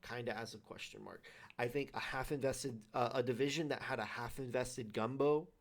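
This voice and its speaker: A man's voice: mid-range voice, normal speed. A man hosting a league show, giving his predictions in loose, repetitive casual talk with many fillers and restarts.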